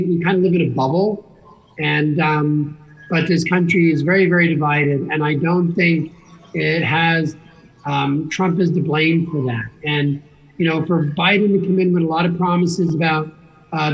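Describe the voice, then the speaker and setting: A man disagreeing in casual political chat, halting with restarts. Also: fairly high pitch. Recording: dull lo-fi recording.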